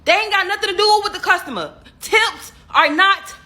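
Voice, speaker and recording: A woman's voice: very high voice, moderate pace, bright, forceful tone. A woman giving an exasperated, scolding opinion rant with a sarcastic edge.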